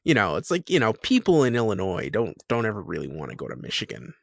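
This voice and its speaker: A man's voice: lowish voice, wildly swooping pitch, fast talker, vocal fry, dry recording, studio quality. A man co-hosting a podcast in casual chat, rambling with many restarts and laughs. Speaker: podcast co-host.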